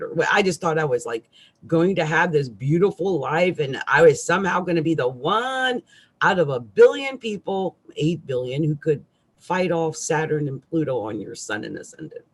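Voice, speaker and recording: A middle-aged woman astrologer ranting irritably on a live stream, with loud outbursts and quiet asides. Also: sits low.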